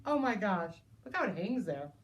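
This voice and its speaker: A woman preschool teacher reading a picture book aloud to children, animated and exclaiming in a sing-song way. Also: mid-range voice, normal speed, a little hiss or hum.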